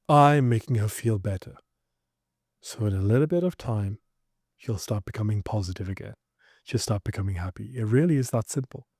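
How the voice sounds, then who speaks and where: A man's voice: medium pitch, darkish tone, dry recording, studio quality. A man giving direct, emphatic relationship advice in an instructional monologue, acting out small example scenes. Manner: direct, emphatic, lecturing listeners with acted examples. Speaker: relationship coach.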